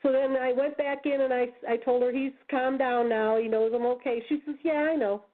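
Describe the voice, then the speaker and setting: Over a tinny phone line, a high-pitched American woman calls in to a radio show as a guest and tells stories casually at a moderate pace. She's animated and slips into the voices of the people she quotes.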